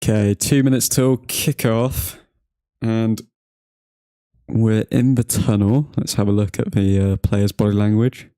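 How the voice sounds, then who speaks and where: Young man from England, stream host, low and mellow, jokey and chatty, dry booth sound. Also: steady tone, unhurried, clean tone, dry recording. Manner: joking, laughs often, chats to chat viewers. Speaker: watchalong livestream host. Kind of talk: casual live chat to viewers.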